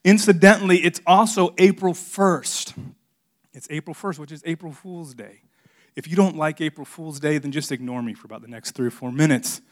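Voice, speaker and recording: A man's voice: fairly high pitch, normal speed. A middle-aged man preaching a sermon, telling a funny story about himself in a joking, confessional way. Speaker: pastor.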